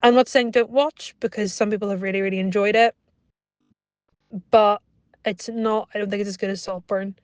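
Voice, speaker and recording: A woman's voice: mid-range voice, fairly even intonation, normal speed, long pauses, no room sound. A woman co-hosting a podcast, giving a casual, wry film review in a cinema lobby, recorded on a small phone microphone. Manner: chatty, wry, amused. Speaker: podcast co-host.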